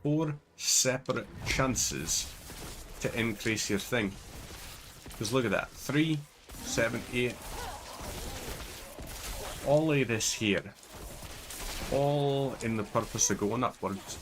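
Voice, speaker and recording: A man's voice: mid-range voice, slow pace, pauses often, noisy background. A man with a Northern Irish accent giving casual, rambling gameplay commentary as a channel host. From Northern Ireland. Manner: chatty, rambling digressions.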